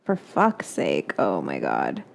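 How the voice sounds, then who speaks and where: A woman's voice: extremely low pitch, wildly swooping pitch, slow, creaky. A woman hosting a home cooking show in casual chat. She swears freely, keeps breaking into coughing fits, and baby-talks to her dog in her kitchen.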